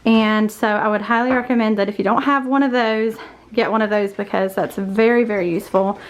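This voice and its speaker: A woman's voice: mid-range voice, fairly even intonation, fairly quick, slight background noise. A homeschooling mom vlogger, audibly out of breath, chatting casually as she walks through a room in her home to give a tour. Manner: chatty, warm-hearted tour guide walking through the room. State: winded, out of breath. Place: indoor room in a family home.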